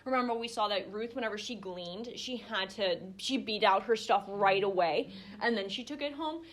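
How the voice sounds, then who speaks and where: A woman's voice: medium pitch, normal speed. A young woman teaching a small group Bible study in a conversational way, with lots of fillers and restarts. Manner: conversational, acts out quoted voices, many fillers and restarts.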